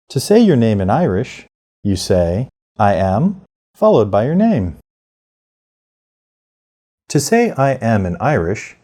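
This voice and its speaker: A man narrating a scripted language lesson, explaining phrases clearly and pronouncing them with care. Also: lowish voice, warm tone. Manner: clear, measured instruction with careful pronunciation. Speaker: language teacher.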